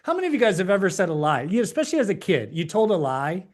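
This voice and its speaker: Motivational guy teaching a class over a video call, emphatic and preachy, voice a bit on the high side. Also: sing-song, very fast. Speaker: course instructor.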